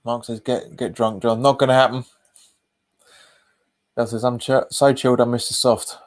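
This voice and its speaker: A man's voice: medium pitch, flat delivery, moderate pace. A man hosts a live football watch-along. He chats casually, repeats his phrases and reads viewer comments aloud. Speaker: fan channel host.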